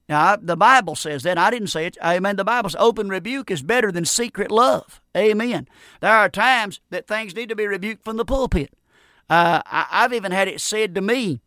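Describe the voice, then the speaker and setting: A man's voice: sits high, lively intonation, moderate pace, sharp tone, dry recording, clean studio sound. A middle-aged man preaching a radio sermon, fervent and repetitive, often adding amen.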